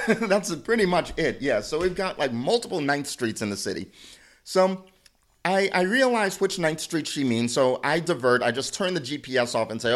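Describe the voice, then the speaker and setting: A man's voice: mid-range voice, very animated, normal speed. A man co-hosting a podcast, rambling through a story with restarts and frequent laughter. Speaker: podcast co-host. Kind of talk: casual chat, storytelling.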